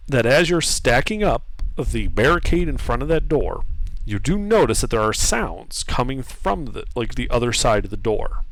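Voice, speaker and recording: A man's voice: medium pitch, very animated, normal speed, a bit bright, no echo, rough recording. A man running a tabletop game as game master, narrating casually with fillers. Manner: loose, conversational narration with fillers.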